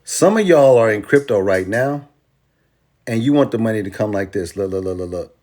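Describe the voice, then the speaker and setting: A man's voice: on the low side, expressive, normal speed, darkish tone. A man teaching crypto trading in casual, emphatic, repetitive speech, using slang and selling his course. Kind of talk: casual teaching demo with music.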